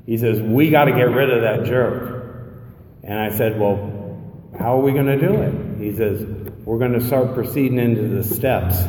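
A man's voice: mid-range voice, moderate pace, warm tone. A man in his fifties telling his recovery story to a crowd, stammering through restarts and acting out what others said. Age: 50s. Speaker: recovery meeting speaker. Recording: echoey hall, mic from a distance.

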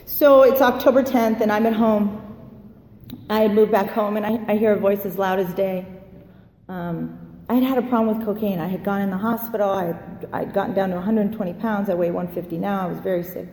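A woman in her forties telling a personal story in a lively, candid way, acting out the voices she quotes. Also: medium pitch, fairly quick. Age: 40s. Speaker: speaker sharing a recovery story. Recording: echoey hall, faint background noise.

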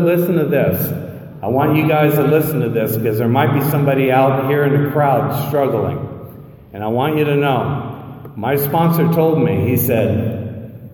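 A man's voice: medium pitch, mellow. A man in his fifties telling his recovery story to a crowd, stammering through restarts and acting out what others said. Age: 50s. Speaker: recovery meeting speaker. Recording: echoey hall, mic from a distance.

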